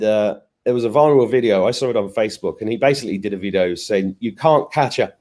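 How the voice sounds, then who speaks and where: A man's voice: on the low side, dark tone. A man hosting a casual live stream, greeting viewers by name and joking as he rambles. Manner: chatty, joking asides, rambling restarts.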